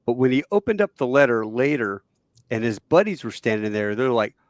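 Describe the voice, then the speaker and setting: A man in his fifties hosting a podcast, chatting casually and telling stories with a relaxed, laughing manner. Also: medium pitch, a little fast, no echo, studio quality. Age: 50s. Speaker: podcast host. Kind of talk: casual conversation.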